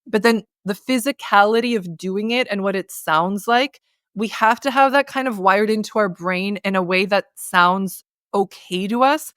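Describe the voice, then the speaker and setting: A woman consultant talks through voice technique with animated, demonstrative energy, singing out syllables to make her point. Her voice sits in a middle register. The sound is dry and close, recorded for a remote call. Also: medium pitch, normal speed, no echo. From North America. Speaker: voice and communication consultant. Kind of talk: conversational interview, coaching.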